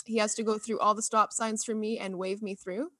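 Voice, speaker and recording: A woman's voice: medium pitch, little pitch movement, a little fast, pushed and bright, no echo, clean studio sound. A woman in her thirties co-hosting a podcast, chatting casually and laughing at herself as she teases her friend. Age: 30s. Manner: giggly, teasing, self-mocking. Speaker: podcast co-host. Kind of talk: casual chat.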